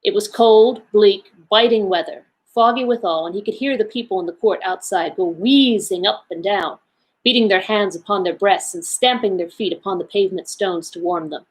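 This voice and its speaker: A woman, a library associate, giving an expressive, measured read-aloud of a classic story. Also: medium pitch, low-quality recording.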